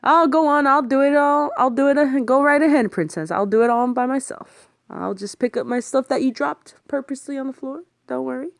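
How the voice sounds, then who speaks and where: A woman's voice: high voice, brisk, gravelly, few pauses, dry recording, clean studio sound, voice pushed up. A woman voicing a sulky, sarcastic young man traveling with the narrator in an audiobook thriller. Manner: whiny and sarcastic.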